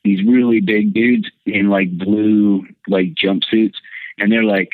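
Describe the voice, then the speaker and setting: A man, a podcast guest, telling a candid personal story in a lively way, his voice leaping up whenever he quotes himself. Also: slow pace, dry recording. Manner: animated storyteller, jumps high when quoting himself. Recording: dry, tinny phone-like line.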